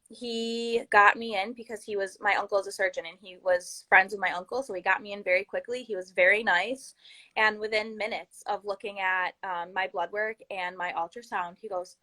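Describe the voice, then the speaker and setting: A woman's voice: mid-range voice, poor audio. A woman in her thirties, a podcast guest, telling her personal story earnestly and acting out what others said. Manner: earnest, animated storytelling with acted-out quotes.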